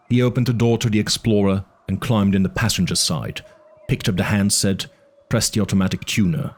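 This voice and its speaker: A man narrating an audiobook with an expressive, dramatic reading. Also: fairly low pitch, brisk, husky.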